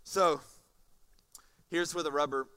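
A pastor preaching a sermon to a congregation, animated and acting out scenes, moving from soft tones to loud passages. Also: male voice, a little high, slow, smooth. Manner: animated, swings from soft to shouting. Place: church stage before a congregation.

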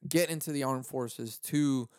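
In a studio-quality recording with no room sound, a young Californian-accented man speaks in an unhurried, mid-range voice. He's a Southern California podcast host doing a solo comedy rant, cursing liberally, laughing a lot, and acting out quoted voices.

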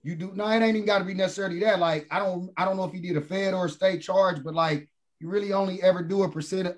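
A man co-hosting a podcast in casual chat, slangy and animated, calling everyone "bro". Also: on the high side. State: smoking while talking. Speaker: podcast co-host.

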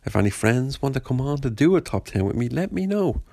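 A man's voice: medium pitch, sing-song, fairly quick, creaky, dark tone, no room sound. A man hosting a podcast, chatting casually and rambling in a self-deprecating way. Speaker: podcast host. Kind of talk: casual chat.

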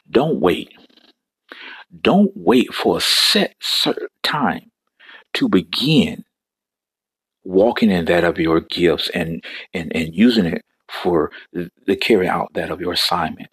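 Husky male preacher, real lively swings in pitch, repeats himself, shouts out praise. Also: no echo. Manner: fervent, exclamatory, repeats phrases, bursts into tongues. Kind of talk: sermon.

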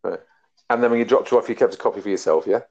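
A man's voice: lowish voice, racing, gravelly, a little mellow. A man hosting a casual geek chat podcast, talking animatedly and laughing often. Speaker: podcast host. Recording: dull lo-fi sound.

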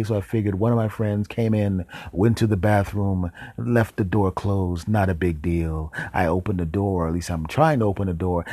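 A man hosting a podcast, telling an absurd comedic story in a deadpan, rambling way and switching into voices for the characters. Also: low voice, dry recording. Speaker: podcast host.

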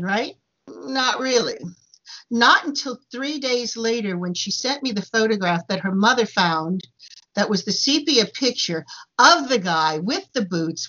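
Brief: woman psychic medium as a guest, chatty and animated storyteller, mid-pitched voice, slightly dull lo-fi sound. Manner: halting starts, many fillers, animated retelling. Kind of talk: conversational storytelling.

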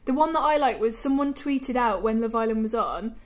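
A woman's voice: fairly high pitch, a little fast. A young woman co-hosting a podcast, telling stories in a giggly, chatty way. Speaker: podcast co-host. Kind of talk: casual chat.

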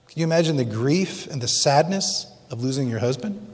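A man preaching a sermon dramatically, slowing down for emphasis. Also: medium pitch, lively intonation. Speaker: pastor. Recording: long reverb of a large hall.

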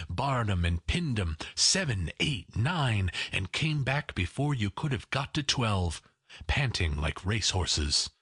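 A man narrating a classic story in an unhurried, expressive reading. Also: fairly low pitch, breathy edge, no echo, studio quality. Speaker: audiobook narrator.

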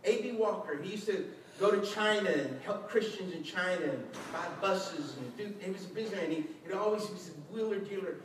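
A man preaching a lively sermon as a pastor, acting out quotes with shouts and laughter. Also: sits high, fairly quick, few pauses. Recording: echoey hall, distant mic, faint noise.

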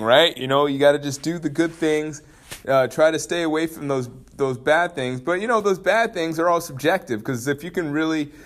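A man's voice: mid-range voice, a bit bright. A man hosting his own podcast, giving casual motivational talk, rambling with lots of fillers and self-corrections. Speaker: podcast host. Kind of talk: casual solo podcast monologue.

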